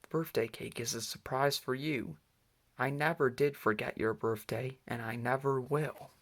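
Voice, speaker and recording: A man reading a children's storybook aloud, voicing a calm, patient mother bear who gently teases her cub. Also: mid-range voice, normal speed, lightly acted.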